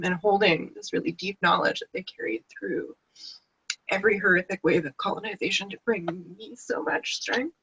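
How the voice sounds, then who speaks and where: Her mid-range voice is bright, forceful and slightly rough, heard on a dry, dull-sounding video call. Speaking as a book contributor on an emotional webinar panel, she comes across as earnest and heartfelt, sometimes near tears.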